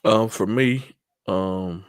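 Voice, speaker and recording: A man with a Southern US accent hosting a casual sports talk show, relaxed and leading the segment with many fillers. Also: fairly low pitch, extremely slow, no room sound, studio quality. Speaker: host.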